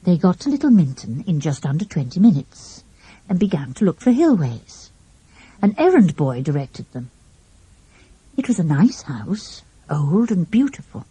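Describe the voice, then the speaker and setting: A woman narrating a children's mystery audiobook with a lively, expressive reading. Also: sits low, husky, no room sound. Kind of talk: storybook narration.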